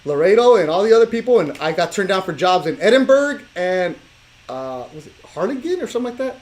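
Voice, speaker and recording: Male podcast host from LA; slangy, joking, lively pitch, animated storyteller. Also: fast talker. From Los Angeles. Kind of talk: casual interview chat.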